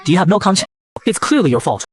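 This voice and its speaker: A man's voice: sits high, big pitch swings, fast talker. A man voicing a small, frightened young male sea snail who complains indignantly. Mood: angry. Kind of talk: comic recap narration.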